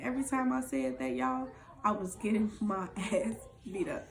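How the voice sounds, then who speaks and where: A woman's voice: on the high side, lively intonation, normal speed, gravelly, bright, forceful tone, reverberant, slight background noise. A woman candidly telling her own story in a raw, emotional, profane way, as a vlog co-host.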